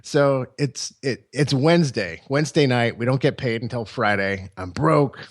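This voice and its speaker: A hapless, crude sailor in his late twenties grumbles in a rough, gravelly voice, as a man puts him on while telling a story. He sounds self-pitying, and his pitch sits in a middling range. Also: moderate pace, natural voice.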